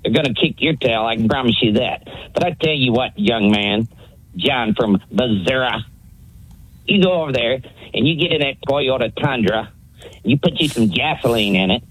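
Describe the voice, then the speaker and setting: A man's voice: medium pitch, a bit bright, husky, poor audio. A man calling in to a sports radio show, ranting and taunting in a bombastic way. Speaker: caller. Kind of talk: call-in radio rant.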